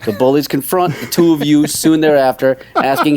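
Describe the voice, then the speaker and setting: A man's voice: on the high side, moderate pace, few pauses, a little mellow. Dry male podcast host reading quiz questions.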